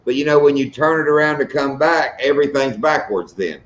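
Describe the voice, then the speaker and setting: A man's voice: medium pitch, brisk. A man co-hosting a live stream, trading teasing jokes in casual chat. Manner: joking, teasing banter. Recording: echoey, dull lo-fi sound.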